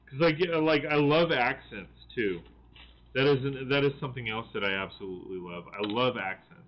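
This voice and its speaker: A chatty American man hosts a casual live stream, rambling through his thoughts with constant restarts and fillers. His voice sits at an ordinary middle pitch. The audio is a little dull and lo-fi. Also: brisk, a little hiss or hum. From United States. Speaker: channel host.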